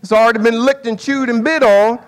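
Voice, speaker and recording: A man preaching a sermon with an object lesson, in a folksy way that swings from quiet asides to loud dramatic calls. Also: extremely high pitch, steady tone, brisk, clean tone.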